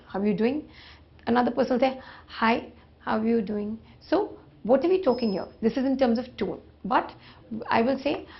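A woman's voice: on the high side, vocal fry. A woman giving a classroom lecture, posing rhetorical questions and checking in with "right?" as she explains. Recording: dull lo-fi recording.

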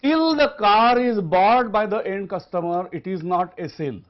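A man's voice: high voice, normal speed. A man giving a lecture, stressing his points by repeating them and posing rhetorical questions to the class. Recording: dull lo-fi recording.

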